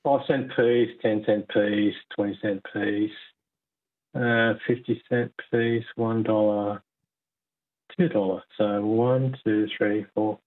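Husky man caller on the phone. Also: lowish voice, takes it slowly. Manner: friendly, rambling, relaxed. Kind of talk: casual phone-in chat. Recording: tinny phone line.

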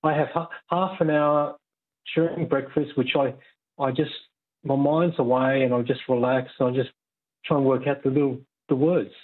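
Husky man caller on the phone. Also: medium pitch, moderate pace. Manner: friendly, rambling, relaxed. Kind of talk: casual phone-in chat. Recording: tinny phone line.

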